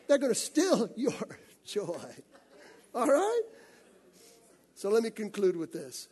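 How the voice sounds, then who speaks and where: Brief: male pastor, husky, high voice, lively sermon storytelling. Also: takes it slowly, pauses often. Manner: animated storytelling, acting out scenes.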